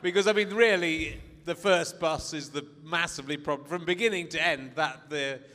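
A man's voice: on the high side, moderate pace, sharp tone, big-room sound. A male podcast host interviewing a guest live, asking wry, rambling questions.

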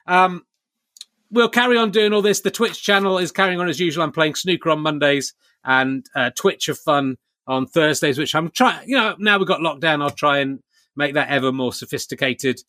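Bright, dry-sounding wry male host. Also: sits high, no echo. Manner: wry, self-mocking, rambling with many asides. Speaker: podcast host. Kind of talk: chatty comic monologue and interview. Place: at home during lockdown.

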